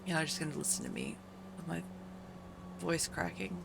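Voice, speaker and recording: Woman streamer, groggy and hoarse-cracking, heavy vocal fry, chatty and self-mocking, noisy background. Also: fairly low pitch, huge pitch swings, normal speed. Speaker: live streamer. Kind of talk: casual chat to stream viewers.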